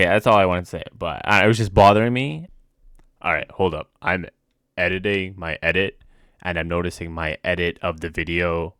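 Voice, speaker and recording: A man's voice: low-pitched, a bit bright, clean tone, dry recording, clean studio sound. A man co-hosting a casual podcast, talking in a rambling way with lots of fillers. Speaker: podcast co-host.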